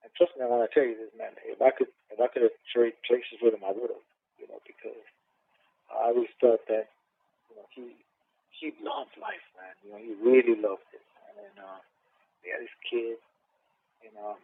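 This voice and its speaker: A man's voice: medium pitch, gravelly, husky, dry recording. A middle-aged man, a former boxer and cornerman, telling a personal story in a casual interview, swearing often and restarting his sentences with a lot of "man.". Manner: profane, emotional storytelling with many restarts and repeated "man". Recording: tinny phone-like dry sound.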